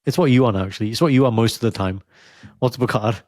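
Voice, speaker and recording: A man's voice: mid-range voice, quick pace, a little mellow, no echo. Playful man teaching words, dry close sound. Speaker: podcast co-host. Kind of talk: casual chat.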